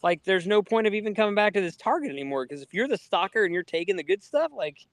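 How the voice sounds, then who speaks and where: A man co-hosting a casual podcast, telling stories in a lively way and acting out the people he quotes. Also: sits high, quick pace, no room sound. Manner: animated storyteller, acts out quoted people. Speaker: podcast co-host. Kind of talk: casual storytelling chat.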